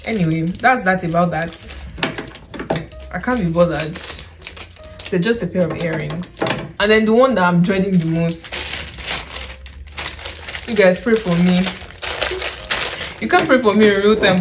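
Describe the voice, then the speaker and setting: A British young woman in her late teens chatting casually to camera about a haul, animated and laughing at herself. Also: lowish voice, a little slow, long pauses, background noise. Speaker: vlogger.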